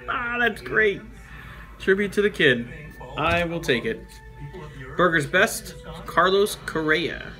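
Male toy-show host, unhurried and jokey, with a crisp, bright tone. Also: a little high, big pitch swings, faint music behind. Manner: chatty, reads names aloud, joking asides. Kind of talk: casual card-opening chat.

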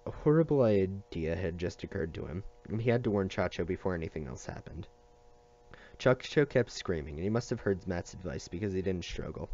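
A man with a low voice reads a novel aloud at a steady pace, stumbling and restarting now and then. The recording is muffled and lo-fi. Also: fairly quick. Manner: steady reading with occasional slips and restarts. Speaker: reader.

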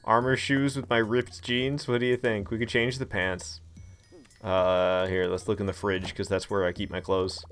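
A man's voice: on the low side, little pitch movement, unhurried, fairly bright tone. A man streaming a cozy life-sim game, chatting casually and thinking aloud, laughing easily at what happens on screen. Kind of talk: casual gameplay livestream commentary.

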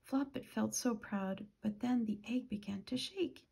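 Soft husky woman reading a picture book. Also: fairly high pitch, a little slow. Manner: gentle, often drops to a whisper. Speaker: children's storytime reader.

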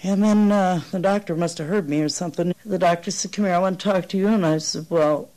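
A woman's voice: fairly low pitch, brisk, dark tone, poor audio. A woman, a mother, giving a rambling, anxious account in an interview. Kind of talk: interview testimony.

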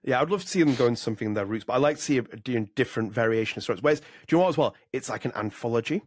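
A man's voice: mid-range voice, breathy edge, dry recording, studio quality. A man co-hosting a gaming podcast, chatting casually and rambling with lots of fillers. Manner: rapid, rambling with many fillers. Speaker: podcast co-host. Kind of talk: casual chat.

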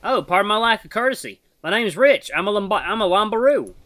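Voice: mid-range voice, lively intonation, fast, voice pushed up, lightly acted. A game streamer reading aloud and voicing a friendly, curious male kangaroo-like creature in a visual novel, with a put-on Southern twang. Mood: cheerful. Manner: bright, eager, chatty.

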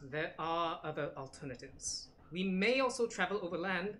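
Woman doing a lowish, clipped, aloof gentleman traveler for a game read-through. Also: animated, normal speed, a little hiss or hum.

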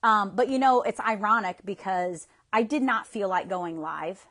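A woman talks to her viewers through a phone during a livestream, coaching them in tapping. She is chatty and affectionate, often restarting her sentences. Her voice sits at an ordinary middle pitch. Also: normal speed, a bit bright.

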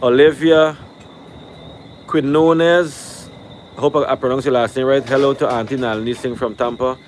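A man hosting a live stream from a rooftop cookout, reeling off shout-outs and ranting at critics in a brash, animated way. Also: medium pitch, normal speed, a little hiss or hum.

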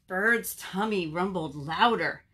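A woman, a children's librarian, reading a story aloud at home for a virtual storytime, expressive and talking directly to the kids. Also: fairly low pitch, takes it slowly.

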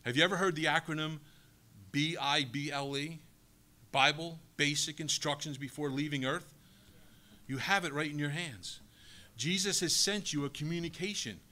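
Forceful, bright-voiced male pastor preaching. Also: on the high side, normal speed. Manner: emphatic preaching with rhetorical questions. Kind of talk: sermon.

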